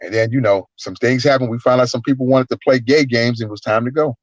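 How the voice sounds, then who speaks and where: A man, a guest wrestler, telling stories in an animated, profane way and acting out the voices. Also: medium pitch, fast talker. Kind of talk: casual storytelling. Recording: dull lo-fi, dry sound.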